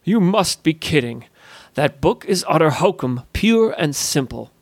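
A man voicing a brusque, caustic merchant guildmaster who speaks in a slow, dismissive grumble, recorded dry and close. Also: a little high, sing-song, slightly rough, no echo, exaggerated voice. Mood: scornful.

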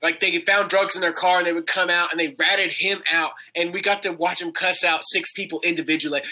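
A young man in casual chat, telling an animated story, laughing often and swearing. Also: high-pitched, a little fast, hardly any pauses, low-quality recording.

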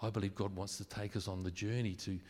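A man preaching a sermon, earnest and emphatic at times, then soft and intimate. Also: fairly low pitch, flat delivery, fast. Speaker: pastor. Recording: long hall reverb.

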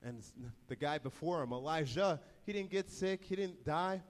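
A man preaching a sermon, retelling the story in a casual, energetic voice full of slang. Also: on the high side, normal speed, long reverb tail.

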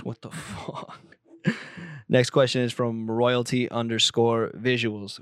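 A man's voice: medium pitch, dry recording, studio quality. Loose, swearing young man answering questions. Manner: loose, profane, rambling with self-corrections. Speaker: photographer answering viewer questions. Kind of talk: casual Q&A chat.

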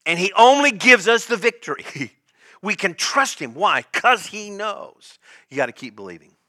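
A male pastor preaching a sermon with animated storytelling and frequent laughs. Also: high-pitched, moderate pace. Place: church service.

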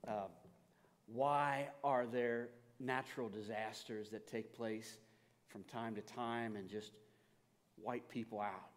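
A man preaching a sermon as a pastor, earnest and often stammering, moving between loud pleading passages and hushed, reflective ones. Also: medium pitch, fairly even intonation, slow pace. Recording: long hall reverb.

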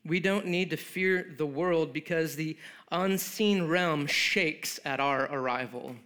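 High-voiced man preaching a sermon. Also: slow, a bit bright, clean tone. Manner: conversational, joking asides, frequent "like" fillers. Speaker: pastor.

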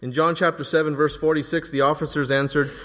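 A man preaching a sermon in a church, emphatic, rising to forceful bursts on key phrases. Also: on the high side, level tone, fast, in a large hall.

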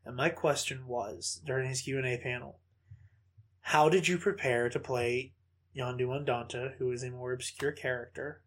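A man co-hosting a podcast, an animated storyteller who swears freely in casual chat. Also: mid-range voice, normal speed. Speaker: podcast co-host.

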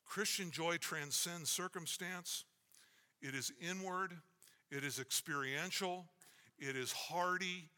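Male pastor, sermon, fairly high voice, bright tone, long hall reverb. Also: slow pace. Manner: emphatic, repetitive preaching cadence.

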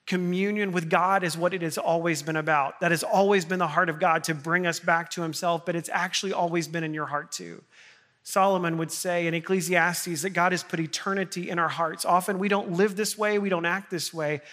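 A man preaches a sermon from the pulpit with a bright, forceful voice that sits a little high for a man. His delivery is earnest and heartfelt, and it builds to impassioned appeals to his congregation. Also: fairly even intonation, fairly quick. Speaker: pastor.

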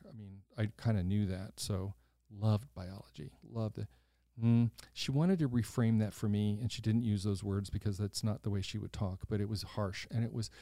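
Mellow-voiced older man telling a story. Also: fairly low pitch, moderate pace, vocal fry, no room sound, clean studio sound. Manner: animated storyteller who acts out quoted voices, blunt and swears casually. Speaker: podcast host. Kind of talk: casual storytelling conversation.

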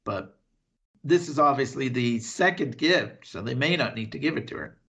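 Guy recapping a tv episode, bouncy pitch, bright tense tone, bit of fry. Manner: animated retelling with quick impressions and laughs. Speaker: podcast co-host. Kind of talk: casual recap chat.

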